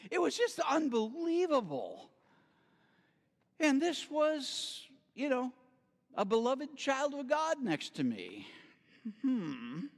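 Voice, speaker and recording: A man's voice: very high-pitched, huge pitch swings, slow pace, vocal fry, long pauses, in a large hall. A middle-aged man giving a storytelling sermon as a guest speaker, acting out the voices in his stories.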